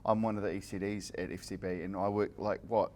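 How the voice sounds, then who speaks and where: A man's voice: sits low, steady tone, fairly quick, a little mellow, slight background noise. A man speaking casually and hesitantly, with many fillers and restarts. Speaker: executive creative director at an ad agency. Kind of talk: casual conversation.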